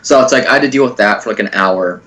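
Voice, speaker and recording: Young male podcast co-host, bright forceful voice, rambling and crude casual storytelling. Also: on the low side, quick pace.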